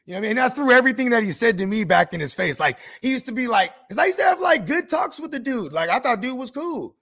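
A man hosts a casual podcast chat in a high, gravelly voice. He tells the story in a profane, animated way and acts out each quote. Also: fast. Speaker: podcast host.

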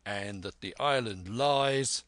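A man voicing a stern, blunt sea captain who talks in a measured, firm way in a storybook reading. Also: on the low side, a bit bright, dry recording.

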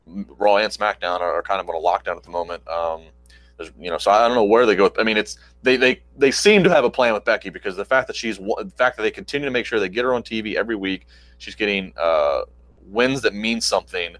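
A man co-hosting a casual wrestling chat, quick and halting with many restarts. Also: fairly low pitch, fairly bright tone, no room sound, poor audio. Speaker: wrestling podcast co-host.

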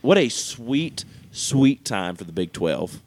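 A man's voice: lowish voice, sing-song, takes it slowly, darkish tone, no room sound. A young man co-hosting a casual sports podcast, opinionated and rambling, laughing often. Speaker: podcast co-host.

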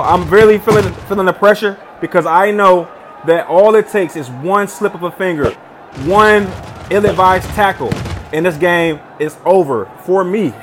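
A young man doing casual gameplay commentary as a channel host, excitable and quick to laugh, dropping into quieter reflective talk between bursts. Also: sits high, a little hiss or hum. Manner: excitable, shouts and laughs at big plays, then settles into quiet reflective talk.

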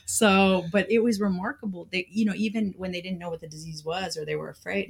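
A woman's voice: lowish voice, brisk, creaky, few pauses, slightly rough. An American woman telling travel stories in casual chat, acting out the people she quotes. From United States. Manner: lively storyteller acting out quotes.

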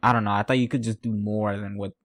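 Speaking fast in a lowish, slightly bright voice with level intonation, a male podcast host casually recaps a fight. He rambles, repeats himself, and laughs at his notes.

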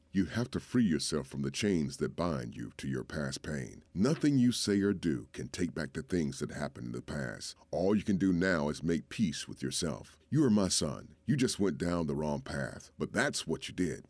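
Storybook read-aloud: man doing an old dad, tender and proud, low and dry. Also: sing-song, normal speed, a little mellow, no echo, heavily acted. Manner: tender, pleading, breaking down. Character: grieving old father, gentle and proud.

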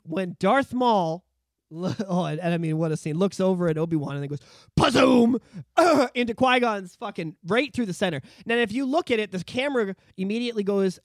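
A man co-hosting a podcast in casual chat, ranting in a profane, animated way. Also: sits high, moderate pace, no echo, studio quality. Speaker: podcast co-host.

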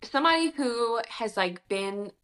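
A young woman, chatting in an interview as a debut novelist and retelling conversations in a lively, rambling way. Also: on the high side, measured pace. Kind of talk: casual interview chat.

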